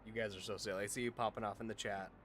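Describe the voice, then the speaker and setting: A man streaming a game live, chatting affectionately and excitably with his viewers and reacting loudly to the action. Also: on the low side, racing, soft background music. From Utah, US. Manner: excitable, affectionate, talks to chat. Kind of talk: casual gameplay livestream chat.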